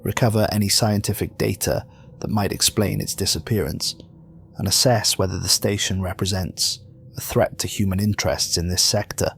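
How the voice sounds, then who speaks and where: A man's voice: low voice, steady tone, moderate pace, gravelly, a bit bright, a little hiss or hum. A man voicing a guarded male fleet commander who briefs his squad in a clipped, authoritative way. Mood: stern.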